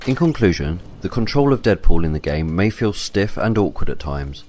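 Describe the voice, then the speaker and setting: A man reading a scripted game review voice-over in a measured, even way. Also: low voice, slight background noise.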